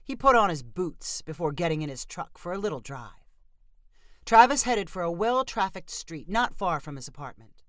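A woman narrating a storybook in a steady, even reading. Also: fairly low pitch, moderate pace, no echo, studio quality.

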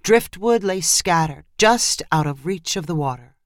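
A short story is narrated at an even, deliberate pace by a voice pitched in the middle range. The audio is intimate and dry, free of any echo or ambient room tone.

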